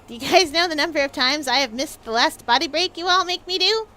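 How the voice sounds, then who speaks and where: A woman's voice: high voice, a little fast, pushed and bright. A woman streamer chatting playfully and bubbly on a casual live stream.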